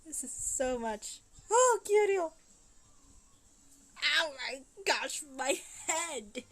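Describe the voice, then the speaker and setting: A woman's voice: high-pitched, takes it slowly, pushed and bright. A woman streaming a game and reacting emotionally, gushing and exclaiming as she plays. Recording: game music playing underneath.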